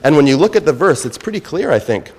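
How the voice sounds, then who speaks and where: A man giving a Bible lesson to children at a church, speaking conversationally, asking them questions and reading verses slowly. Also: a little high, big pitch swings, big-room sound.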